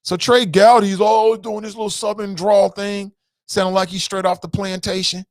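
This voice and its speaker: Speaking at a moderate pace in a high voice, recorded dry, this news commentary host talks directly to his audience as "fam". His takes are blunt, profane and animated, delivered casually like a chat.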